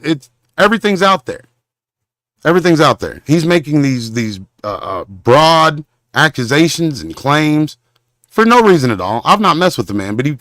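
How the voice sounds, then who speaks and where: A man from Southern hosting a confrontational livestream rant, rambling and halting, with preacher-like condemnations. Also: on the high side, fairly bright tone, no echo, studio quality. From Southern Oklahoma. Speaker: show host.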